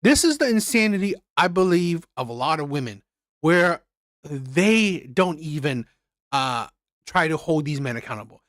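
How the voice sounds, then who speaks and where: A blunt male reaction host who talks in emphatic bursts and keeps repeating himself. His pitch swings widely between points. The sound is close and dry, with no room in it. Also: sing-song, normal speed, dry recording. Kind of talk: reaction commentary.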